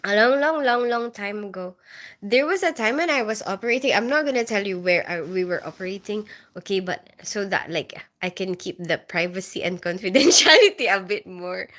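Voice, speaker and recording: A woman's voice: mid-range voice, normal speed, fairly bright tone. A woman from the Philippines hosting a casual livestream, chatting and reading viewer comments aloud, often laughing. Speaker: livestream host reading chat. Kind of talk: casual live chat. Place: bedroom.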